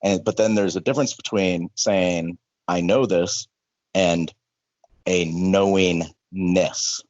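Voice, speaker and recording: A man's voice: deep voice, a little slow, a little mellow, no room sound, dull audio. A man speaking as a life coach in casual conversation, earnest and repeating words as he builds a point.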